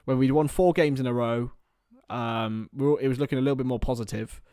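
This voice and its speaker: Football fan commentator, young adult, casual chatty tone, dry sound, loud excited shouts at big moments. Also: male voice, mid-range voice, a little fast, smooth, no echo. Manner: partisan, rises to excited shouts at chances. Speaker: watchalong commentator, Liverpool fan. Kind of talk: live fan commentary with chat.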